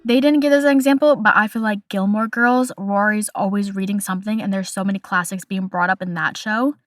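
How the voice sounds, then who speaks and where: A woman's voice: mid-range voice, fairly even intonation, brisk, no room sound, faint music behind. Young woman podcast host: casual, chatty, playful and opinionated, dry close sound.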